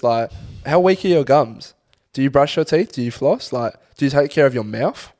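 A man's voice: mid-range voice, lively intonation, moderate pace, darkish tone. A young man co-hosting a podcast, talking in blunt, sweary, laddish banter. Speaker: podcast co-host. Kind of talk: casual chat.

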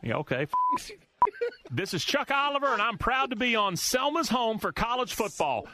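A man's voice: extremely high pitch, big pitch swings, moderate pace, bright, forceful tone. A man who hosts a sports radio show, reading punchy station promos.

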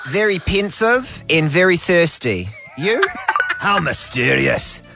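Man doing flirty dating-app suitor voice, very animated pitch, music behind. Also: takes it slowly, creaky, exaggerated voice. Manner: reading out chat messages in playful suitor voices.

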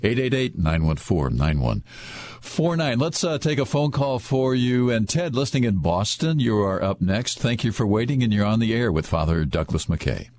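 A man's voice: fairly low pitch, moderate pace. A man hosting a call-in radio show, introducing his guest and taking calls. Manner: steady, announcing calls and the phone number. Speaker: radio host.

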